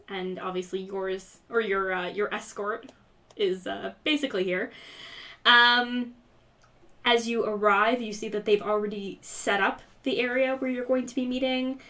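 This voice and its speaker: A woman narrates a tabletop adventure as game master, her voice sitting a little high. She talks in a loose, chatty way, full of fillers and quick laughs. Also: pushed and bright. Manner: chatty, giggly, many fillers.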